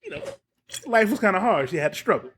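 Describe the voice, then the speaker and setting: A man hosting a casual podcast, retelling a story with animated acted-out lines and plenty of swearing. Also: high-pitched, fast talker, slightly rough. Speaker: podcast host. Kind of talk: casual chat, retelling a show.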